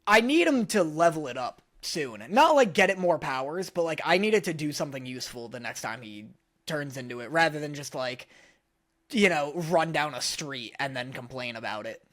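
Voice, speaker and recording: A man co-hosting a casual podcast, playful, whose lines often trail off into low mumbles. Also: animated, normal speed, fairly bright tone. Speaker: podcast co-host.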